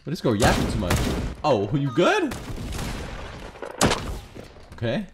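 A man giving casual, profane gameplay commentary as a streamer, excitable and prone to yelling. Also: medium pitch, takes it slowly, pauses often. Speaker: gaming streamer. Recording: noisy game audio behind.

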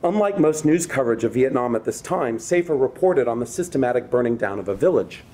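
A man's voice: medium pitch, expressive, brisk, darkish tone. Man giving an academic lecture. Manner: reads prepared text with conversational asides to the audience. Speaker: university lecturer. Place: university lecture room.

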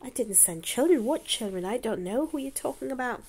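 A woman's voice: on the high side, animated, fairly quick, darkish tone, slightly rough, pitched above the performer's own voice. A woman voicing a bewildered man who hurriedly denies sending anyone. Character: bewildered man, a poor scholar and husband.

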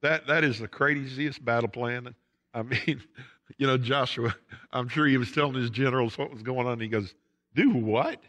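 A Southern US pastor delivers an emphatic sermon with a bright, forceful voice. His intensity swells and drops as he preaches. The sound rings with the long reverb of a church sanctuary. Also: mid-range voice, steady tone, normal speed. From United States.

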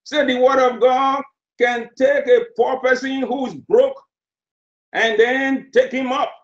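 A man's voice: very high-pitched, steady tone, slow. A male preacher delivering a sermon, emphatic and repeating phrases for effect. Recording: roomy, dull lo-fi sermon recording.

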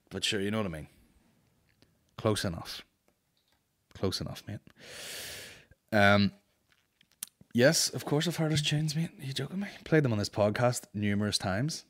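A Northern Irish man hosting a comedy podcast, reading listener questions and telling stories in a blunt, sweary, animated way. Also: on the low side, normal speed, pauses often. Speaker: podcast host and stand-up comedian.

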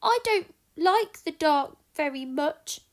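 Woman doing a high, timid baby owl. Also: animated, slow. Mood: curious. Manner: high, eager and wide-eyed. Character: small timid young male owl chick.

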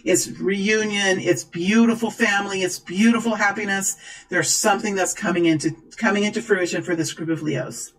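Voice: medium pitch, moderate pace, rough recording. A tarot reader talking to viewers during a card reading, gushing and exclaiming. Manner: excitable, exclaims and gushes.

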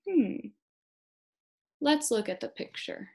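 A young woman in her twenties giving a children's read-aloud lesson, speaking gently and encouragingly to young kids. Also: fairly high pitch, lively intonation, slow. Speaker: speech-language pathology student teacher.

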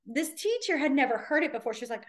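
A woman's voice: sits high, lively intonation, fast talker. Chatty young woman teaching a class. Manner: chatty, storytelling with laughs and fillers. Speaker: sign language teacher. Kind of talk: casual class teaching with stories. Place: library classroom.

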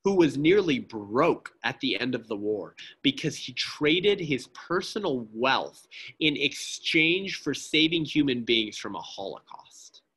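A man's voice: medium pitch, big pitch swings, a little slow, fairly bright tone, slightly rough. A man giving an impassioned pro-life talk at a church, speaking emphatically, often asking "right?" and addressing the listeners as friends.

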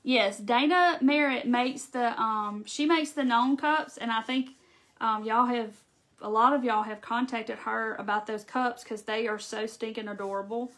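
Bright chatty Southern woman crafter. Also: a little high, unhurried. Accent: Southern American. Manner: chatty, folksy, talks straight to viewers. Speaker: craft tutorial host. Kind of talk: live-streamed craft tutorial chat.

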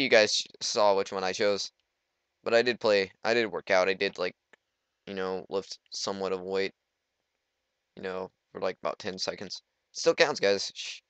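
A man's voice: deep voice, a bit bright, clear, resonant tone, no echo. A teenage boy giving rambling, goofy let's play commentary, talking to himself as he plays. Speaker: gamer.

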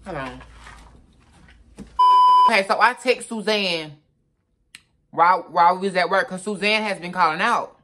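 A man's voice: sits high, a little slow, pauses often. A man telling a story on his vlog in a casual, slangy way, animatedly acting out what people said. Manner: animated, acts out dialogue; slangy, repetitive phrasing. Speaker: storytime vlogger.

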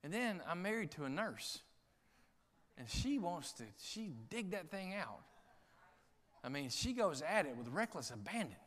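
A male pastor delivers a sermon in a high, ringing voice. He drops into quiet, conversational asides, then climbs to shouted exhortations. The sound carries a long reverb from a large church sanctuary. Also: sing-song, measured pace, pauses often. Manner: impassioned preaching, swinging from quiet asides to shouted climaxes.

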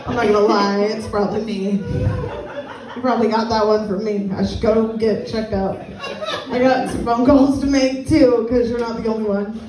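A young woman performing a stand-up comedy set with crowd work, blunt and crude in a deadpan way. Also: on the high side, moderate pace. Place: small comedy venue with a live audience. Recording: echoey room, mic at a distance, audience laughter. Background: crowd laughing.

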